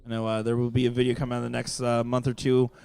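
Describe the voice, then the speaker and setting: A man's voice: mid-range voice, completely flat delivery, very fast, vocal fry, a little mellow, clear, resonant tone, soft background music. A man hosting a darts stream, upbeat and joking, talking loosely with frequent fillers. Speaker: stream host and commentator. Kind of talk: live sports commentary.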